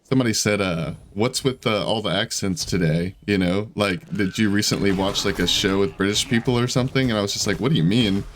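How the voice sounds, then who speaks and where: A man with a lowish voice talks through a game as he plays it, chatty and loose, often thinking aloud and poking fun at his own play. A faint hiss sits under his voice. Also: a little fast, few pauses, a bit bright. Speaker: gaming YouTuber. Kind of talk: casual gameplay commentary.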